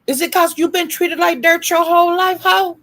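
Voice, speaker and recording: A woman's voice: very high-pitched, level tone, moderate pace, fairly bright tone. Profane trash-talking woman streamer. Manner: profane, taunting, repetitive insults; calls out to chat viewers by name. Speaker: livestream host.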